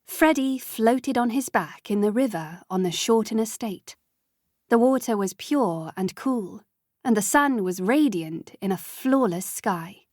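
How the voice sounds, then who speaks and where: A woman reading an audiobook as narrator, in measured, even storytelling. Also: fairly high pitch, no room sound, studio quality. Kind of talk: scripted narration.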